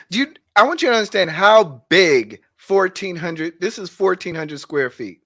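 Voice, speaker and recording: A man's voice: a little high, lively intonation, normal speed, hardly any pauses, fairly bright tone. A man hosting casual commentary on a clip, emphatic and repeating words to drive each point home. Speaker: commentary host.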